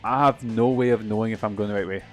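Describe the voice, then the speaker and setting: A man's voice: on the low side, fairly even intonation, quick pace, soft background music. A young man streaming a video game, rambling and swearing often in casual, self-mocking chatter. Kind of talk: casual let's-play commentary.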